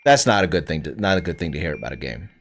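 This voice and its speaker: A man's voice: rumbling low, lively intonation, racing, creaky. Young male streamer from Canada, swears freely, answers chat, voice swings up and down, faint music under him. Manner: profane, rambling, talks back to chat. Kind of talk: casual livestream chat with viewers.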